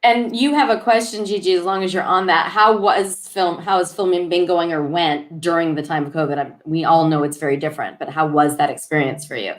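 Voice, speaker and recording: Low-voiced woman moderating a panel. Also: fairly even intonation, a little fast, hardly any pauses. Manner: friendly, casual, asks questions. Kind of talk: hosting a video call panel.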